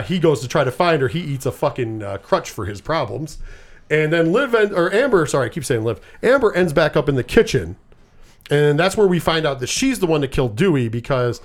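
A man with a slightly raised pitch talks through a movie plot in a loose, casual chat. He curses often and rambles, acting out the characters' lines as he goes. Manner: profane, rambling storyteller.

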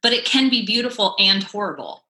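A woman who works as a sex therapist, guesting in a casual chat, expressive and candid, swearing and laughing. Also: mid-range voice, brisk, reverberant, a little hiss or hum.

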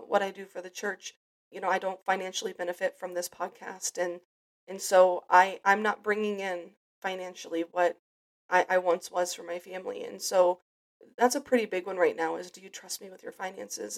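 A woman hosting a personal faith podcast, talking in an earnest, reflective way with frequent restarts. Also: mid-range voice. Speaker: podcast host.

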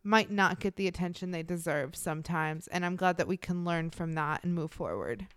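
A woman co-hosting a podcast, talking in a casual, animated and emphatic way. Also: fairly low pitch, moderate pace, clear, resonant tone, dry recording, clean studio sound. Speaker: podcast co-host.

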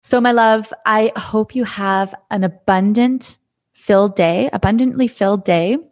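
This gentle, earnest woman talks like a life coach musing in a reflective monologue, her pitch medium and her delivery a little slow. As she thinks out loud, she keeps returning to phrases she's already said and repeating words.

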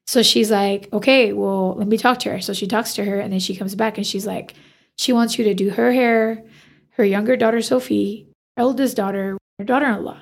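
A woman's voice: medium pitch, moderate pace, creaky. A woman, a hairstylist, telling a story in a casual interview and acting out the dialogue. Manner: animated, acts out quoted dialogue. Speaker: hairstylist guest.

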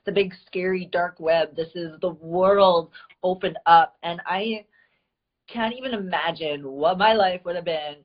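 Gushing woman, lower voice. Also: measured pace, highs cut off. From United States. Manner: gushing, heartfelt, chatty with fillers. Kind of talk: casual live-stream chat.

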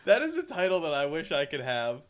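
A young man co-hosting a podcast who jumps in with quick jokes and quips during casual banter. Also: on the high side, wildly swooping pitch. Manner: quippy, jokey interjections. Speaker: podcast co-host.

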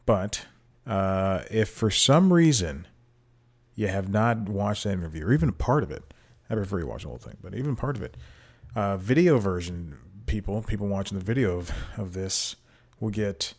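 A man's voice: fairly low pitch, lively intonation, normal speed, a little mellow. A man hosting his podcast alone, rambling casually and self-deprecatingly, laughing often between thoughts into a desk microphone at home. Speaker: podcast host. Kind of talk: casual solo podcast monologue. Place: home room with TV playing behind.

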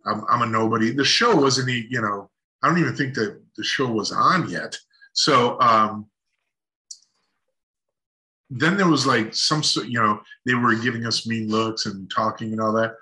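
A man's voice: medium pitch, moderate pace, sharp tone, low-quality recording. A middle-aged man as a guest on a talk show, telling a long anecdote in a rambling way with restarts and laughs. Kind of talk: casual storytelling chat.

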